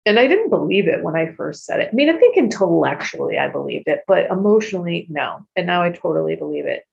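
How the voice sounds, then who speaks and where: A woman in her fifties sharing her recovery story frankly and expressively, with casual swearing and quick asides. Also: on the low side, sing-song, creaky, darkish tone. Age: 50s. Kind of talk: candid personal testimony. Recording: dull lo-fi recording.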